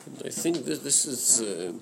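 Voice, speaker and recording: A man teaching a religious study class, reasoning aloud with hesitant stops and repeated words. His pitch rises and falls in a lively way, with a gravelly edge. A faint hiss sits behind him. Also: moderate pace. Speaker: Chassidic text teacher. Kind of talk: Torah study class discussion.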